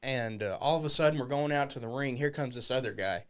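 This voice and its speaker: A man's voice: mid-range voice, quick pace, clear, resonant tone. A man guest on a podcast, telling wrestling stories with lots of profanity. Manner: profane, acts out quoted voices. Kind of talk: animated storytelling. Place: podcast studio.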